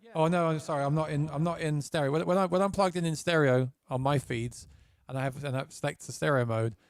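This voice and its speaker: A man's voice: fairly high pitch, fast, clear, resonant tone, no room sound, studio quality. A man from England, a musician guest, chatting casually on a video stream and often repeating words as he restarts sentences.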